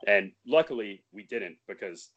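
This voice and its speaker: Young male podcast guest, very low voice, easygoing storyteller who laughs a lot and curses casually. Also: lively intonation, normal speed, a bit bright, muffled recording. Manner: laid-back, swearing, laughs often. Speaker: band member guest.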